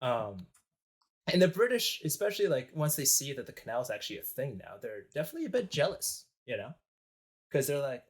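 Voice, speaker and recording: A man's voice: mid-range voice, big pitch swings, a little fast. A young man casually telling history on a podcast, joking and rambling with many fillers. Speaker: podcast co-host.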